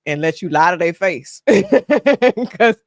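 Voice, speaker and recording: A woman hosting a reaction video, teasing and laughing loudly as she comments on a clip. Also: mid-range voice, animated, slow pace, dry recording, clean studio sound.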